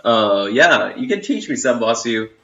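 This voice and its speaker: A young man with an Indian accent chats casually on a live stream, rambling through fillers and restarting his sentences. His voice sits at a middling pitch. The sound is roomy and a little dull. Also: big pitch swings, measured pace, bright, forceful tone. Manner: chatty, loose, full of fillers and restarts, reads chat aloud. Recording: roomy, slightly dull home stream audio.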